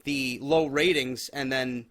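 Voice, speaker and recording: A man's voice: medium pitch, fairly even intonation, slow, a bit bright. Skeptical male podcast host. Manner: questioning, skeptical. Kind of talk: casual wrestling talk.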